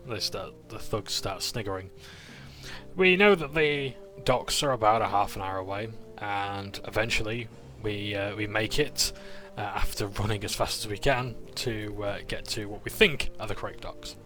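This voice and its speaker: Low, bright-toned man recapping a game session. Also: moderate pace, faint music behind. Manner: casual, with frequent "uh" and self-corrections. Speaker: player recapping a tabletop session. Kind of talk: recap narration of a tabletop game.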